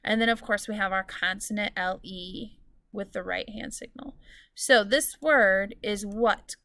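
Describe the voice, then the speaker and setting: A woman teacher giving a recorded lesson to students, explaining clearly and patiently and drawing out example words. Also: mid-range voice, a little slow, bright, forceful tone, no echo, clean studio sound.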